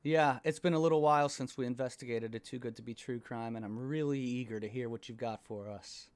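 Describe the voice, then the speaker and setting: Gravelly-morning-voiced American man, smooth tone. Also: medium pitch, brisk, darkish tone. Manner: easygoing, laughs often. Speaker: podcast co-host. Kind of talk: casual comedy podcast chat.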